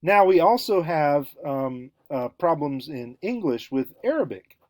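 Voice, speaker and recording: A man giving a casual recorded lecture, hesitant, with many fillers and restarts, and animated when he acts out examples. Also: on the high side, a little slow, no echo.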